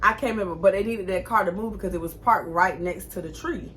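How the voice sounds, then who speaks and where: Bright-voiced young woman telling a story. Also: medium pitch, fast talker, a little hiss or hum. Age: 20s. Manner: animated, chatty, swears freely. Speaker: vlogger. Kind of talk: casual storytime.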